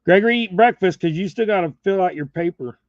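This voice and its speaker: A man talks through a casual livestream at home, his voice sitting a bit high for a man. He rambles in a folksy, easygoing way and chuckles as he goes. The sound is dull and close, with no room echo. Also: fast talker. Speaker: fishing channel host. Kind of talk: casual live chat while tying jigs. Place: home, indoors. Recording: dull, slightly muffled sound.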